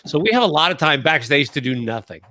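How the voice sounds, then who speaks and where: A man co-hosting a casual chat show, relaxed and quick to laugh. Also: a little high, no room sound. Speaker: podcast co-host.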